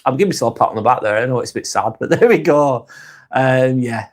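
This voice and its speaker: A man's voice: mid-range voice, expressive, quick pace. A man with a British accent hosting a casual live stream, reading out viewer comments and answering them bluntly, swearing freely and often laughing.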